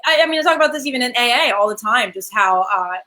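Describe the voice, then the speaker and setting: A woman's voice: a little high, lively intonation, sharp tone. A woman co-hosting a casual talk, eagerly chiming in and building on points with many restarts. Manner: eager, restarts and fillers, quick to agree. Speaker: podcast co-host. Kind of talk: casual chat.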